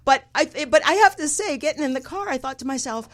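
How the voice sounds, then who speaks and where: A woman hosting a podcast in a casual chat, talking with a slightly gravelly voice, laughing easily and poking fun at herself. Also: sits high, lively intonation, quick pace, few pauses. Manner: chatty, laughing, self-deprecating. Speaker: podcast host.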